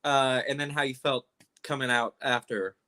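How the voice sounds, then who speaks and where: A man's voice: mid-range voice, fairly even intonation, moderate pace, sharp tone. A man hosting a casual interview in an easygoing way, laughing along with his guest. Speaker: host.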